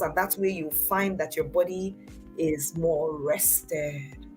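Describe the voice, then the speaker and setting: A woman's voice: sits low, slow pace, faint music behind, low-quality recording. Engaging woman in her forties, host. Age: 40s. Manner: engaging, asks the audience questions and answers them herself; swings between loud emphatic bursts and soft near-whispers. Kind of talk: motivational talk to a live online audience.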